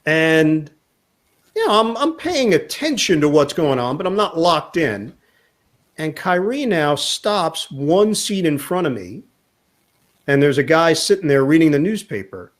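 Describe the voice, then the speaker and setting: Here a male sportscaster, his voice on the high side, unhurriedly works through a lengthy anecdote in a casual chat. He's an animated storyteller who acts out every quoted line.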